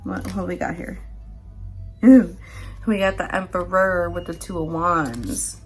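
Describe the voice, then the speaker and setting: A woman's voice: fairly low pitch, unhurried, breathy edge, soft background music. A woman giving a casual pick-a-card tarot reading, chatty and playful, laughing often and swearing freely.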